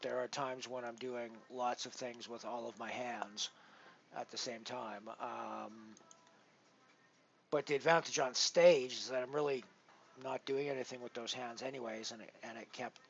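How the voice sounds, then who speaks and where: A man in the middle of his pitch range, talking through a poker stream on a headset mic. He rambles, restarts his sentences, and his loudness climbs and drops. The sound is dull and a bit lo-fi. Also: steady tone, normal speed, gravelly, a little hiss or hum. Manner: rambling, with many restarts and big swings in loudness. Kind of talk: casual live-stream commentary.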